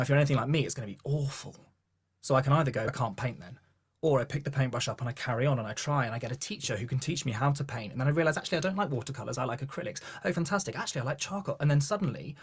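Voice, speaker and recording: A man with a posh southern English accent talks through a podcast interview as a vocal coach and choir leader. His voice is husky and sits in a middle pitch. He tells stories with energy and slips into quick put-on voices when he quotes people. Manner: animated storyteller who acts out quoted voices. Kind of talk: podcast interview, relaxed storytelling.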